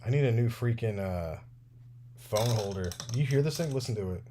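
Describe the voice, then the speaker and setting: In his thirties, the toy repair livestream host fixes action figures and chats casually, rambling and laughing often. He speaks fairly quickly in an expressive, mid-range voice with a dark tone, over a little hiss or hum.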